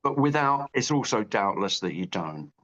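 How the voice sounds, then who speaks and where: A man hosting a spiritual discussion on a video call, talking gently and conversationally with fillers. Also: fairly low pitch, very animated, normal speed, highs cut off. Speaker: host of a spiritual meeting.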